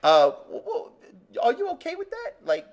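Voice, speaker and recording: A man co-hosting a podcast, talking about movies in an excitable way with lots of swearing. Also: very high voice, moderate pace. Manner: excitable, swearing, re-enacts scenes. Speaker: podcast co-host. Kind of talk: casual movie chat.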